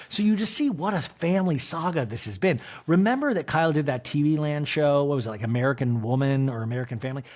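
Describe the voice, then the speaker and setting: A man as a podcast host doing a comedic recap in a chatty, crude, animated way. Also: medium pitch.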